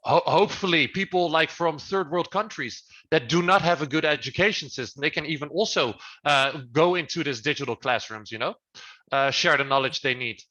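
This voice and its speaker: Bright-voiced man, halting guest. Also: a little high, lo-fi sound. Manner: halting, many fillers and restarts. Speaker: guest, project founder. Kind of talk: casual interview over video call.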